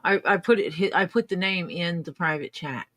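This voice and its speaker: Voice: medium pitch, moderate pace, a bit bright, no room sound. A co-host on a casual livestream podcast, talking in blunt, dry asides.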